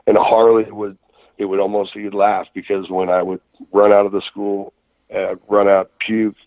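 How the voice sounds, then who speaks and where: A man calls in as a guest and tells long stories, full of fillers and swearing. His voice is on the low side. The sound is dry and squeezed into a narrow, phone-like band. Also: level tone, moderate pace, no echo. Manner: rambling, profane, many fillers. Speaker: guest wrestler. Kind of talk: casual storytelling interview. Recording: tinny phone line.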